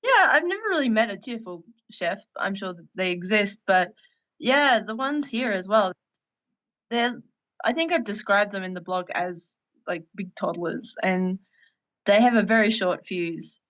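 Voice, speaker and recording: A woman from Australia, a podcast guest, telling stories in a lively, casual way. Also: mid-range voice, a little slow, dull audio. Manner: lively storytelling with laughs. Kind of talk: casual interview chat.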